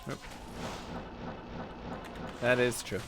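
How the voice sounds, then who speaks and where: A man's voice: extremely slow, background noise. A man streaming live, chatting casually and reacting to viewer messages while gaming, his voice sounding sick.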